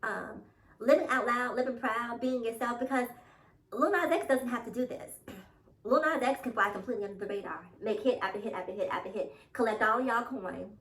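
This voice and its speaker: A woman's voice: on the high side, brisk, a bit bright. Chatty woman vlogger in an echoey room. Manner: emphatic and chatty, laughs between points. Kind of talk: casual reaction commentary. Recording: roomy sound from a distant mic.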